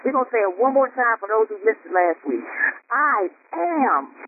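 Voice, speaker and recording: A man's voice: sits high, sing-song. A man hosting a call for business owners, leading call-and-response affirmations in a preacher-like way, stretching out words with emphasis. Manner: emphatic, drawn-out words, exclaims praise. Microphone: phone call. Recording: tinny phone line with faint noise.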